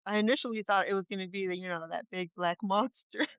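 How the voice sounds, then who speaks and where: A woman's voice: mid-range voice, quick pace, a bit bright, clear, resonant tone, dry recording, lo-fi sound. A woman guest co-hosting a casual movie podcast, giving short blunt replies and laughing along. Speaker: guest co-host. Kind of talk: casual movie review chat.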